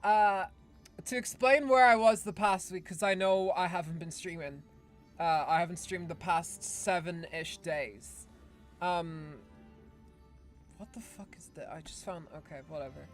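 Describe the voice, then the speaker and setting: A woman's voice: fairly low pitch, fairly even intonation, unhurried, faint music behind. A woman streaming live, chatting casually and playfully, with a hyped game-show-host delivery and frequent restarts. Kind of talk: casual livestream chat.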